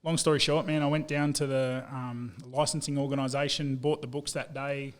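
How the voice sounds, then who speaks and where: Animated Australian man, says mate. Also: mid-range voice, normal speed. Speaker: guest, business owner. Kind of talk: casual interview chat.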